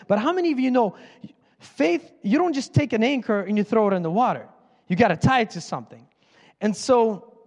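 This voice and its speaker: Man preacher with a high voice, lively and conversational, long church-hall reverb. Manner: animated, acts out Bible characters in quick voices. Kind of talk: sermon.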